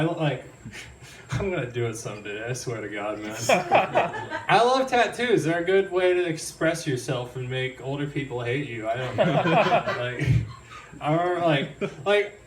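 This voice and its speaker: A young man performing a stand-up set in a live venue, rambling, giggling and apologizing often. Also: fairly high pitch. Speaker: stand-up comedian. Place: live comedy venue, audience in room. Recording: roomy live recording from a distance, crowd noise.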